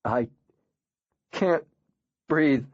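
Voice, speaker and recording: Man doing a panicking young guy in grief, broken, breathless, high strained voice. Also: drawn-out words, no room sound, highs cut off. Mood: panicked.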